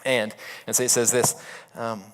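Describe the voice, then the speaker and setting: A man's voice: medium pitch, little pitch movement, normal speed, clean tone. A man preaching a sermon as a pastor, retelling a story in a casual, conversational way with asides.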